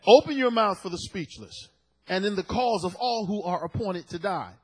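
A man preaching a sermon, moving between quiet, low asides and loud, shouted peaks. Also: expressive, moderate pace, husky, low-quality recording.

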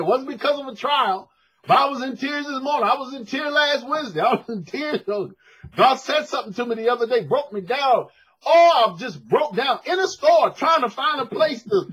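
A man's voice: very high voice, a bit bright, husky. A man preaching a sermon to a congregation in a church, emphatic and conversational, calling for responses. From United States.

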